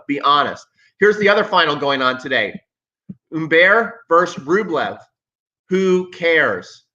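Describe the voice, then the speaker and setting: Guy ranting on his tennis stream, sarcastic, keeps repeating himself, kinda bright edgy voice, dull lo-fi sound. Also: fairly high pitch. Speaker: tennis coach and channel host. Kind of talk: live-streamed commentary.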